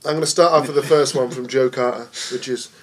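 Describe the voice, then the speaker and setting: A man's voice: mid-range voice, fairly even intonation, fast talker. A man co-hosting a gaming podcast, chatting in a jokey, rambling way. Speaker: podcast co-host. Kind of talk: casual podcast chat.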